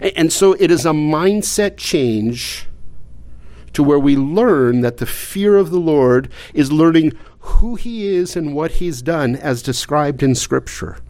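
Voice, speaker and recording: A man delivers a sermon in a slightly raised pitch. He talks plainly and conversationally, stumbling into repeated words and restarts. He keeps asking his listeners rhetorical questions. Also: expressive, slow, darkish tone. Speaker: pastor.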